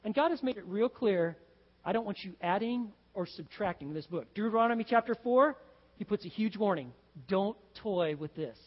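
High-voiced animated male preacher. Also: moderate pace, in a large hall, highs cut off. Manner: animated, rising to excited shouts when building a point. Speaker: pastor. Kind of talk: sermon. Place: church sanctuary.

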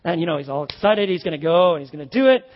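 High-voiced male pastor in a reverberant hall. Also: lively intonation, rapid-fire. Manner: conversational, emphatic preaching with asides. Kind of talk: sermon. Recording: dull lo-fi sound in a reverberant hall.

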